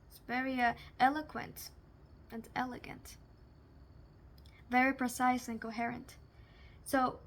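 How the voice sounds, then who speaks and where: A woman's voice: high-pitched, a bit bright. A young woman talking casually to camera as a vlogger, chatty and giggly, often searching for the right word. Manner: chatty, giggly, gropes for words.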